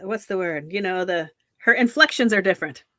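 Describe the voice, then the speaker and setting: Woman, bright voice, dry close mic, casual recap chat, frank opinions, quick agreeing replies. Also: mid-range voice, animated, no echo. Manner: agreeable, frank commentary with short backchannels. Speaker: podcast co-host.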